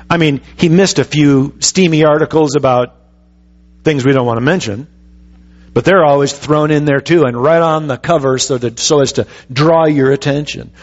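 A man's voice: medium pitch, dull audio. A pastor preaching a conversational sermon, asking the congregation rhetorical questions and pressing his points with emphatic restarts.

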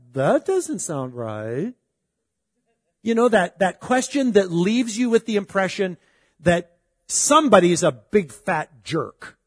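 A man's voice: sits high, dry recording, clean studio sound, long reverb tail. A middle-aged man preaching a sermon in a conversational, emphatic way, often asking his listeners questions. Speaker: pastor.

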